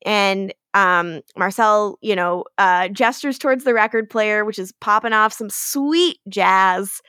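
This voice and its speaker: A podcast co-host's smooth, mid-range voice moves at an unhurried pace in a dry, studio-quality recording. She gives a casual, animated recap of an episode, quoting and acting out lines and dropping the occasional swear word.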